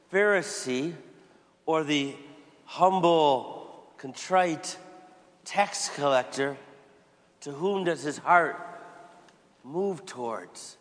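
A man's voice: on the high side, a bit bright. A man giving a sermon as a priest, telling stories in a conversational way and acting out little quotes. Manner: conversational storytelling with acted quotes. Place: church. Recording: long hall reverb.

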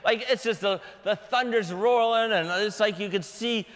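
A man preaching a sermon in a dramatic manner, swinging from shouting to hushed whispers. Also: high-pitched, moderate pace, big-room sound.

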